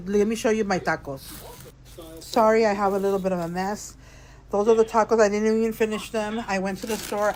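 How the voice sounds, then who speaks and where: A slightly tipsy woman spills a story straight to her phone camera from a quiet hotel room. She talks frankly and chattily, calling her viewers girl and y'all as she goes. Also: mid-range voice, rough recording. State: a little tipsy. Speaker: vlogger. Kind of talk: storytime vlog.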